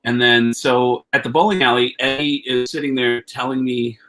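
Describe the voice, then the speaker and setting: A man telling a long, rambling story with lots of restarts and cursing. He keeps jumping up in pitch to act out what people said. The sound comes over a video call. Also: normal speed. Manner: animated storyteller, acts out quotes with raised voice; profane, rambling with many restarts. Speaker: comedian guest. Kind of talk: storytelling anecdote.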